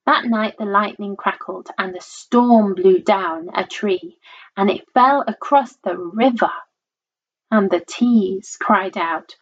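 Slow, lilting woman reading a rhyming storybook. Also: mid-range voice. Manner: lilting, rhythmic and expressive. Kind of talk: rhyming storybook read-aloud. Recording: dull lo-fi recording.

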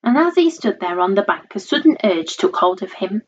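A woman reading a rhyming storybook aloud in a lilting, rhythmic, expressive voice, on a dull lo-fi recording. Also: mid-range voice, moderate pace, hardly any pauses.

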